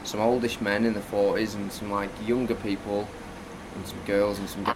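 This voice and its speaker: A man's voice: fairly low pitch, flat delivery, moderate pace. A man co-hosting a podcast, telling stories in a laid-back, wry, slangy way. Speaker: podcast co-host. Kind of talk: casual storytelling. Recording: faint background noise.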